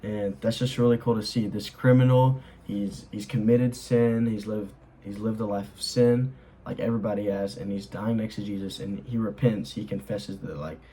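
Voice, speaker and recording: A man's voice: lowish voice, steady tone, moderate pace, mellow, a little hiss or hum, rough recording. A young man explaining a Bible chapter in a casual, earnest way, rambling with lots of fillers as he reads and comments. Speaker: Bible study host.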